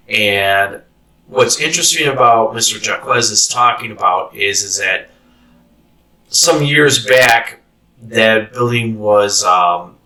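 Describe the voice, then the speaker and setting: Bright-voiced man telling a story, distant mic. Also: on the low side. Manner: animated storyteller. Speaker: host and former corrections officer. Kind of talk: casual storytelling interview.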